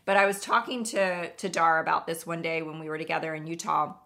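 A woman's voice: low-pitched, flat delivery, a little fast, creaky, pushed and bright. A woman podcast host telling stories in an earnest, emphatic, conversational way. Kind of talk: casual storytelling monologue.

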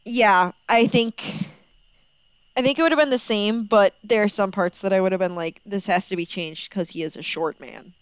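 A young woman co-hosting a podcast in casual movie chat, giggly and animated, with big pitch swings. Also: moderate pace, smooth, no echo. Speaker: podcast co-host.

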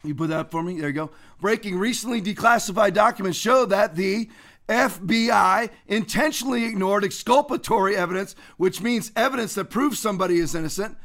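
High, gravelly, fired-up male commentator. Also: fairly quick. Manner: indignant, ranting, shouts often. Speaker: commentary show host.

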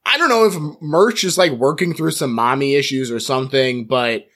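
A man's voice: mid-range voice, normal speed, fairly bright tone. A man hosting a podcast, recapping a film's plot playfully and laughing at his own jokes. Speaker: podcast host. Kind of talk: plot recap and casual chat.

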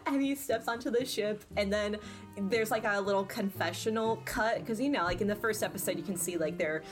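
A woman's voice: mid-range voice, fairly quick, faint music behind. Chatty woman narrating a tabletop game. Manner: chatty with many likes and ums. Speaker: player. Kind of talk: casual tabletop role-play narration.

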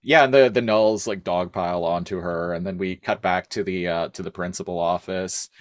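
A man with a fairly low voice co-hosts a relaxed conversation. He hesitates often, restarts his sentences and laughs between thoughts. The recording is close and dry, with no room sound. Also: no room sound. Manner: halting, many fillers and restarts, laughs often. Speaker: podcast co-host. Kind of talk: casual chat.

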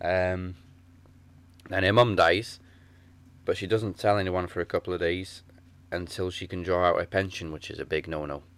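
Very low-voiced man chatting casually. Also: fairly even intonation, normal speed, a bit bright, smooth. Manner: chatty storyteller who acts out quotes, laughs often. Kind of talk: casual chat.

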